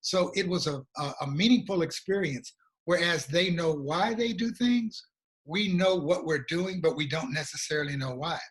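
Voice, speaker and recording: American guy telling his story, earnest and reflective, a bit high-pitched. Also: lively intonation. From USA. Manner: earnest, reflective, slow at emotional moments. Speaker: guest, regional coordinator. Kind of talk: personal storytelling in a conversation.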